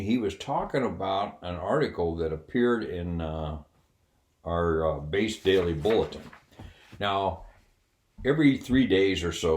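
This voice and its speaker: An older man, a retired Air Force officer, tells a wry anecdote in a casual, candid way, full of fillers and chuckles. His voice is low-pitched and a little mellow. The recording has a roomy echo and slight background noise.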